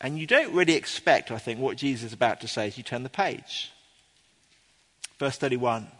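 A man preaching a sermon to a congregation in an earnest, explaining way, sometimes pausing with ums and restarting his sentences. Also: mid-range voice, expressive, fairly bright tone, long reverb tail. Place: church before a congregation.

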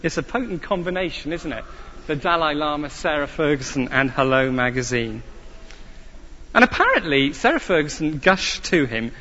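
A man preaching a sermon slowly and emphatically, asking his listeners rhetorical questions. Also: on the high side, big pitch swings, sharp tone. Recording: dull sound with long hall reverb.

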